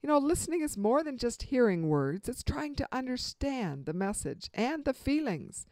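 A woman giving a motivational talk on communication, earnest and expressive, voicing quotes with strong emphasis. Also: high-pitched, normal speed, no room sound. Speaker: motivational speaker.

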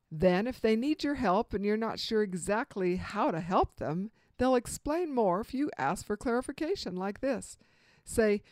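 A woman giving a motivational talk on communication, earnest and expressive, voicing quotes with strong emphasis. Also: a little high, no echo. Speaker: motivational speaker.

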